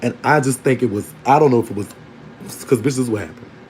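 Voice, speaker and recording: A man telling a candid personal story to his online audience in a casual, animated way, often breaking into laughter. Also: mid-range voice, fast talker, slight background noise, low-quality recording. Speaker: storytelling vlogger.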